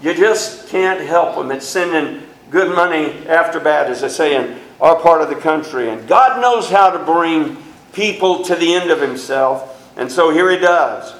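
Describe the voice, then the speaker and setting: A man preaching a sermon with a high voice. His pitch leaps upward when he stresses a point. The sound comes from a church sanctuary with an echo that rings through the room. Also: a little slow, fairly bright tone. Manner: preaching with sudden rises in pitch and emphasis.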